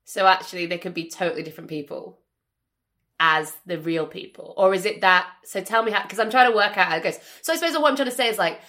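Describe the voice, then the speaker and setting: A woman's voice: mid-range voice, fast, pushed and bright. A woman hosting a casual film chat, rambling through questions and laughing often. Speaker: host.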